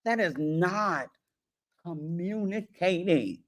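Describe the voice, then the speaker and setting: A woman coach giving a lively workshop presentation to parents, addressing the audience directly and often checking in with them. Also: fairly low pitch. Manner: animated, acts out parents and children in quick voices; addresses audience directly with frequent "all right".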